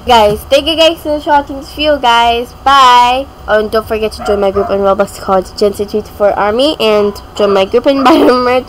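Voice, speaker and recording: A woman's voice: on the high side, moderate pace, hardly any pauses, noisy background. A young woman giving casual gameplay commentary as a gaming YouTuber, rambling and giggly with many fillers.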